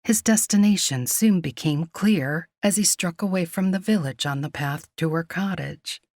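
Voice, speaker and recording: A woman giving scripted, measured narration of a romance audiobook. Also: lowish voice, darkish tone, no room sound, clean studio sound.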